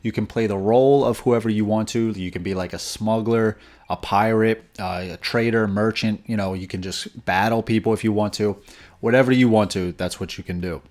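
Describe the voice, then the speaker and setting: A man's voice: fairly low pitch, steady tone, moderate pace, a little mellow. A man hosting a board game channel, talking casually and enthusiastically with loose restarts. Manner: enthusiastic, rambling with fillers and restarts. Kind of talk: casual video review and speculation.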